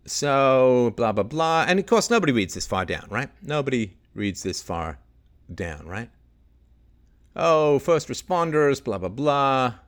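A man's voice: medium pitch, big pitch swings, a little slow. A middle-aged man hosting a solo livestream, reading news aloud and picking at it with sarcastic, exasperated rhetorical questions. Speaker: livestream host.

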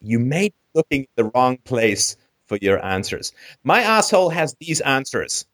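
A man's voice: mid-range voice, sing-song, normal speed, a bit bright. A man hosting a call-in show, ranting sarcastically and with animation. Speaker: host.

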